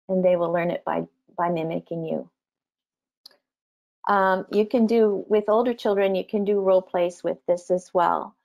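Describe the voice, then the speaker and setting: A woman with a mid-range voice talks parents through slides in an online presentation. She is gentle and explanatory, pausing often with small ums. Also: medium pitch, vocal fry. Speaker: teacher trainer speaking to parents.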